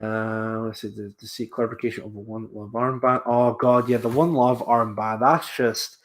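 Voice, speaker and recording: A man hosting a casual livestream, at an even middle pitch. He rambles and repeats himself, and he throws in scornful asides as he goes along. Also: moderate pace. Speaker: livestream host.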